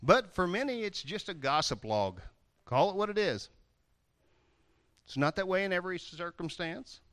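A male preacher giving a lively, playful sermon, swinging from loud outbursts to quiet asides. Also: high voice, moderate pace, no room sound. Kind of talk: animated sermon.

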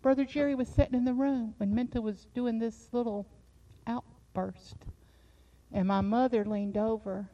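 A woman's voice: on the high side, steady tone, moderate pace, mellow. Woman preaching a fervent sermon. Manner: storytelling, rising to fervent preaching. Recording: slightly dull lo-fi sound.

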